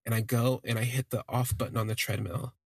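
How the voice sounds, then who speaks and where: A man telling a personal story in an expressive, self-deprecating way, drifting into asides. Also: medium pitch, fairly quick, breathy edge, dry recording, studio quality. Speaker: podcast storyteller.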